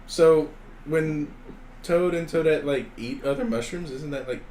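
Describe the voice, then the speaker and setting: A man's voice: fairly high pitch, measured pace, darkish tone. A young man co-hosting a casual podcast chat, throwing in dry wisecracks. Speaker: podcast co-host. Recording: roomy echo, faint hiss.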